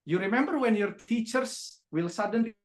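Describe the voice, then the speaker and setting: A man's voice: high voice, expressive, normal speed. A man coaching and evaluating speakers in a meeting over a video call, direct and demonstrative, acting out examples.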